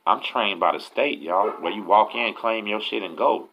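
Texan male host, very low gravelly voice, slangy profane storyteller, lo-fi audio. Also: normal speed, slight background noise. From Texas, USA. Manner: profane, slangy, street talk. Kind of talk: casual storytelling.

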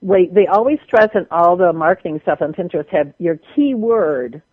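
A woman's voice: fairly low pitch, lively intonation, moderate pace, no echo, phone-quality sound. A woman with a Wisconsin accent, a social media tutor talking casually as a radio guest, folksy and chatty. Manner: chatty, folksy, laughs often.

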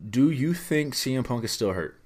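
An expressive podcast host with a mid-range voice speaks at a moderate pace. His casual wrestling chat covers the news in a rambling, emphatic style, loaded with rhetorical questions.

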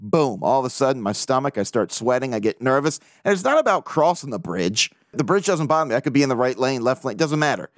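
A man's voice: mid-range voice, sing-song, fast talker, few pauses, no echo, studio quality. A man hosting a casual solo podcast, rambling and joking, swearing freely as he talks. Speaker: podcast host.

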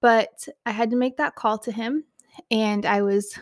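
A young woman with a high, light voice shares a painful loss to camera. She is tearful and heartfelt, breaking off and restarting as she speaks. The sound is close and dry, with no room around it. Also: fairly even intonation, no room sound. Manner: open and heartfelt, with soft laughs and halting restarts. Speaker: mother sharing a personal loss. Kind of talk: personal storytelling to camera.

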